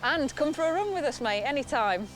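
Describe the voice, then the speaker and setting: A woman guide runner, excited and shouting right after finishing a race. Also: sits high, brisk, slight background noise. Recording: outdoor race with loud music and crowd.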